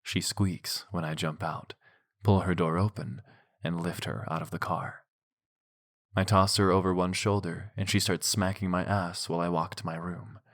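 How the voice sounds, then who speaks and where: A man narrating a romance audiobook in the first person, intimate with soft breathy passages. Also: deep voice, steady tone, moderate pace. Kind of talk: scripted narration of a romance novel.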